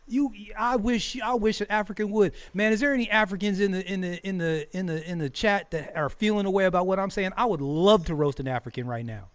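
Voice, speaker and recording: A man's voice: sits high, a little fast, hardly any pauses. A man hosting a streamed talk show, speaking casually and profanely, getting heated, laughing often and stumbling over repeated words. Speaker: podcast host.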